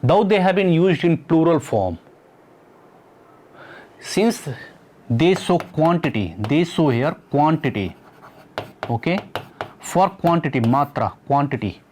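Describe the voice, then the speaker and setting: A man's voice: a little high, expressive, a little slow, darkish tone, slight background noise. A man teaching an English grammar lesson, explaining step by step and repeating key points as questions to students. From Nepal. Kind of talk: exam-prep grammar lesson.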